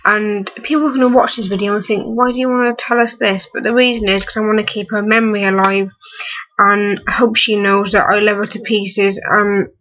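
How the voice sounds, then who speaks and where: A young woman in her early twenties, close to tears, talking haltingly with many fillers and restarts in a personal vlog. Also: mid-range voice, flat delivery, a bit bright, muffled recording. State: on the verge of tears. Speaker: vlogger.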